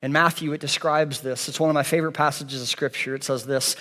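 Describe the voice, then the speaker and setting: A man's voice: on the high side, fairly even intonation, quick pace, sharp tone, long reverb tail. A man preaching a sermon as pastor, in an earnest, repetitive cadence. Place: church sanctuary.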